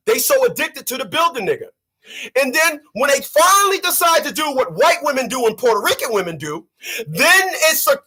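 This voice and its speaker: A man's voice: extremely high pitch, bright, forceful tone, slightly rough. A man delivering preachy, profane ranting commentary on his channel, repeating lines for effect. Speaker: vlogger.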